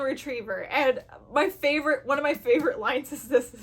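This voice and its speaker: A woman with a high, bright voice talks casually to her viewers about the books she loves. She gushes openly and acts out her own reactions as she goes. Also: moderate pace, hardly any pauses. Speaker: book reviewer. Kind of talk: casual chat to camera.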